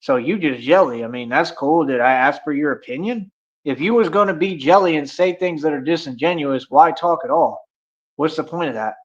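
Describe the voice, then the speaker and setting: This streamer's voice sits on the high side at normal speed as he boastfully rants at critics on a livestream, full of taunts and slang. The recording is dull, lo-fi stream audio with an echoey room.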